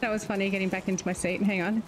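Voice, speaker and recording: An Australian woman talks over a headset mic during a group game session, chatty and quick to laugh as she organizes her friends. Her voice sits at an ordinary pitch, with a faint background hiss. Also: fairly even intonation. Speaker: gamer on a multiplayer stream. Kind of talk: casual gaming chat.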